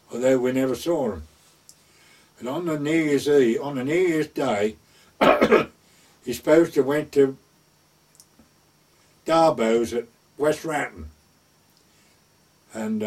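An older man with a husky voice telling a long, rambling oral-history story in plain rural dialect, full of "he said, I said.". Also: mid-range voice, a little mellow. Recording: voice far from the mic.

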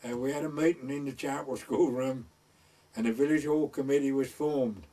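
A man's voice: mid-range voice, steady tone, moderate pace, warm tone. An older man, telling folksy village stories in an oral history, rambling and acting out the people he quotes. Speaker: village elder recalling the past. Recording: voice from far off the mic.

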